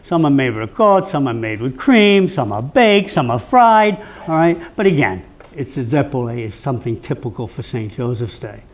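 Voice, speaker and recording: A man's voice: medium pitch, normal speed, highs cut off. A man with a Rhode Island accent giving a chatty talk to a live audience, often checking in with "okay?" and acting out quoted voices. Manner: acts out quoted voices, animated. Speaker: speaker on local traditions.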